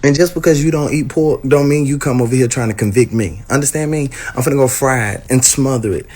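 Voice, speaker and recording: A man's voice: medium pitch, fast talker, darkish tone. A man in a defiant comedic rant.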